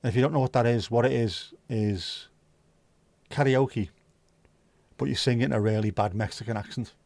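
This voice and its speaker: A man's voice: mid-range voice, normal speed, vocal fry, a little mellow, dry recording. A man hosting a casual livestream, chatting loosely, reading out viewer comments and joking around with plenty of swearing. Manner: rambling, jokey, swears freely. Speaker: livestream host.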